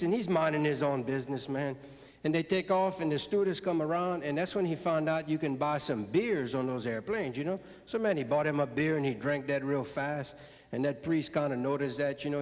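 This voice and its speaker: Fairly quick and on the high side, a man with a Cajun accent tells stand-up jokes to a live audience in a folksy drawl. He's a storyteller and comedian from South Louisiana, and the recording carries long hall reverb.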